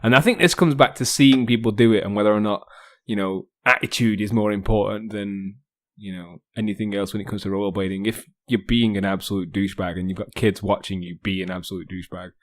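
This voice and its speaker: A man's voice: lowish voice, quick pace. An English man hosting a podcast, chatting casually and rambling with many ums and restarts. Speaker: podcast host.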